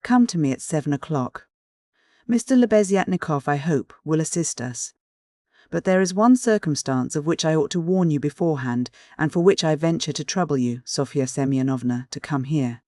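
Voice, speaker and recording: Man reading as a pompous middle-aged guy, formal and condescending, kinda high, dry audiobook sound. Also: animated, moderate pace, a little mellow, no room sound, natural voice.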